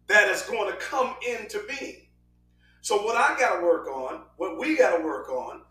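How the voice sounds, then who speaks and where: High-voiced preacher in an echoey hall. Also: male voice, far from the mic. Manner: animated preaching, sudden shouts and fast asides. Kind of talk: sermon.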